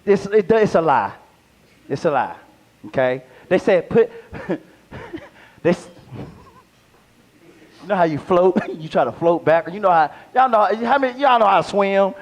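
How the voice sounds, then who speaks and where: High-voiced older man doing stand-up. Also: animated, measured pace, pauses often. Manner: rambling, playful, laughs at own jokes. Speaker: stand-up comedian, guest. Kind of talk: live stand-up comedy. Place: live comedy venue with audience.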